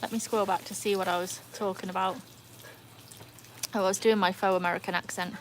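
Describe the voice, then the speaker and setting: A woman hosting a casual livestream by her pool, chatting excitedly and answering viewer comments. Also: medium pitch, fairly quick, pauses often, a little hiss or hum. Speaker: livestream host. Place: outdoors by a backyard pool. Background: faint outdoor ambience, dogs.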